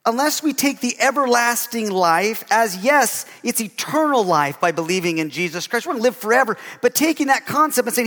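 A man's voice: high voice, sing-song, normal speed, hardly any pauses, a bit bright, big-room sound. A male pastor preaching a sermon with emphasis, often calling out for an amen.

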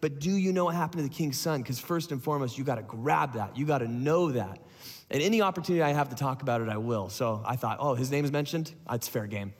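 A pastor preaching a sermon, retelling a story in a casual, joking way. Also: male voice, mid-range voice, lively intonation, fast talker, husky, long reverb tail.

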